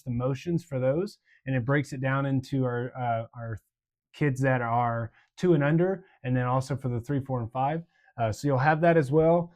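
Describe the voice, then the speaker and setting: A man, a children's pastor, walking volunteers through upcoming lessons in a casual, chatty way, full of ums and uhs, slowing down to recite verses with hand motions. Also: mid-range voice, darkish tone. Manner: demonstrates motions with slow emphatic recitation. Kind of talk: volunteer training walkthrough.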